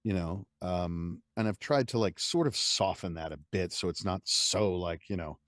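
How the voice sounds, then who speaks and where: A man's voice: deep voice, normal speed, no echo, clean studio sound. An American man, a guest and audiobook narrator, talking casually and with animation in an interview. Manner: animated, chatty storyteller who laughs easily.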